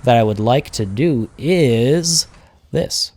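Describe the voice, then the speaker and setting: A man's voice: medium pitch, animated, slow, a little mellow. A young man hosting a strategy game livestream, chatting with viewers, reading out their comments and casting the match with frequent laughs. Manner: chatty, reads chat aloud, laughs often. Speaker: livestream host and game caster.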